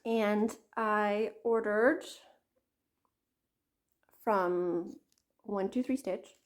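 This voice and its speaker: A woman's voice: medium pitch, extremely slow. Chatty rambling woman vlogger. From Canada. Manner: rambling, chatty, self-interrupting with fillers and asides. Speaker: craft vlogger. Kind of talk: casual chat to camera.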